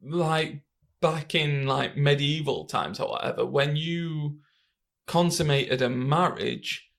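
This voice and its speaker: A man's voice: on the high side, slow, creaky, a bit bright. A British man co-hosting a casual film podcast, rambling through memories of a movie. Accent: British English. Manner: rambling, storytelling, many fillers. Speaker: podcast co-host. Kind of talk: casual film review chat.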